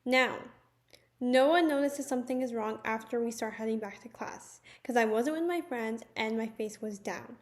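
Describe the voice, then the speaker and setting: A young woman telling a personal story in a casual, animated storytime manner, with lots of "like"s. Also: a little high, normal speed. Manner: chatty, animated storytelling with many "like"s. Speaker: vlogger.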